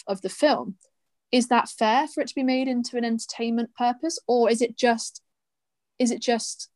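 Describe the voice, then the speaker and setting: A woman's voice: a little high, dry recording. A woman co-hosting a casual discussion podcast, speaking thoughtfully with many ums and you-knows. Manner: thoughtful, filler-heavy with "um" and "you know". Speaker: podcast co-host.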